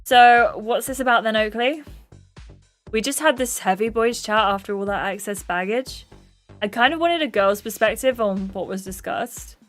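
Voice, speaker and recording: Woman, streamer, reads game dialogue, chatty, higher voice, faint music behind. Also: normal speed, a bit bright. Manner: chatty, apologetic, laughs at her own slips. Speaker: streamer playing a story game. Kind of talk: casual livestream commentary and reading game dialogue aloud.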